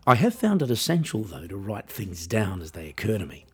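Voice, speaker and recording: A man's voice: on the low side, very animated, fairly quick, fairly bright tone, breathy edge, soft background music. An Australian man hosting his own podcast, delivering a wry, self-deprecating scripted monologue. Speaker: podcast host and musician.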